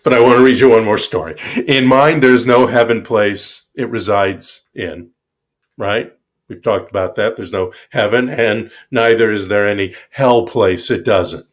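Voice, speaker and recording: A male minister giving a sermon, speaking in a slow, reflective and emphatic way. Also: fairly low pitch, fairly even intonation.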